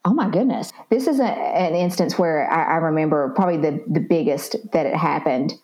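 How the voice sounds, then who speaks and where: Southern woman telling lively stories. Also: deep voice, fairly quick. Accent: Southern American. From Southern United States. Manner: animated storyteller who acts out quotes. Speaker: psychotherapist guest. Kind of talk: casual podcast conversation.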